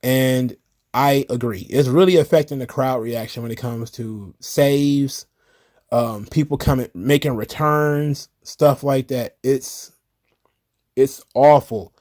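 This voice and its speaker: A man's voice: medium pitch, takes it slowly, darkish tone, no echo, clean studio sound. Exasperated man ranting about wrestling. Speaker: wrestling commentary host. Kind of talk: casual recap commentary.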